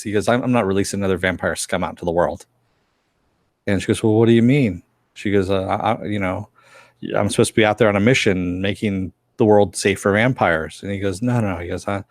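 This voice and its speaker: A man's voice: fairly low pitch, no room sound, clean studio sound. A man co-hosting a casual review chat, retelling scenes and acting out lines. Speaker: podcast co-host reviewing a TV episode.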